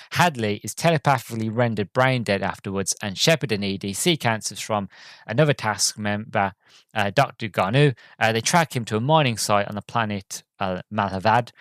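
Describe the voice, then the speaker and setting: A man's voice: fairly low pitch, a bit bright, no echo, studio quality. A man hosting a podcast, reviewing a game in a casual, rambling way full of ums and restarts, an enthusiastic fan. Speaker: podcast host.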